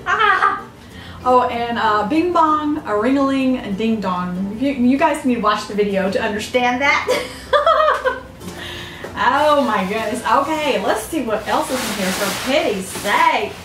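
An older woman, chatting to camera as a vlogger opening fan mail, gasping and gushing with excitement. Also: a little high, slow, a little hiss or hum. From Southern United States. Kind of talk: casual chat to camera. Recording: echoey room, mic a bit far off.

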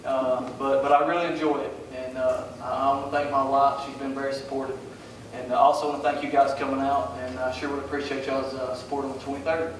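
A man with a Southern US accent giving a candidate forum speech, halting and full of fillers. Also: mid-range voice, flat delivery, background noise. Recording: echoey room, mic far off.

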